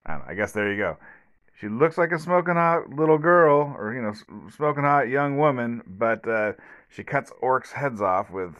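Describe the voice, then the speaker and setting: A man's voice: mid-range voice, lively intonation, normal speed, fairly bright tone, smooth, muffled recording. A man hosting a solo podcast review from home, rambling with many fillers and restarts in a blunt, sarcastic way. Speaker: podcast host. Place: at home, alone.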